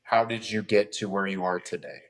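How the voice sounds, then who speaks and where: A man hosting an interview, asking a gentle question and carefully rewording it as he goes. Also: fairly low pitch, fairly even intonation, a little fast, low-quality recording. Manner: careful, rephrasing his question. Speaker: podcast host.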